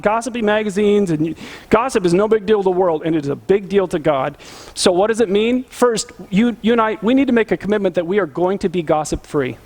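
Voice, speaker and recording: A middle-aged man, a pastor, preaching a sermon and telling a personal story in an animated, earnest way. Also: high voice.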